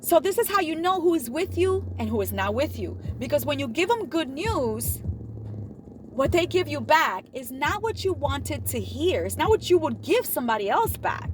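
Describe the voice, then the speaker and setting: A woman giving motivational advice in an animated way, often acting out what other people say. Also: moderate pace, a little hiss or hum. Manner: animated, acts out quoted dialogue with big pitch swings. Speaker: motivational vlogger.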